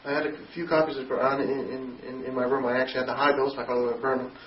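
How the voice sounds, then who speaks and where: A young man from Newfoundland, Canada, telling a personal story in a halting way, often repeating and restarting words. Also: mid-range voice, flat delivery, crowd noise. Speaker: interviewee telling his conversion story. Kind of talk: personal testimony. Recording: distant echoey dull recording, faint noise.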